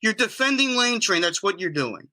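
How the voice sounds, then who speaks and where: A man's voice: high-pitched, lively intonation, normal speed, music in the background. A man voicing an irate, stubborn male caller who argues and scolds. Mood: indignant.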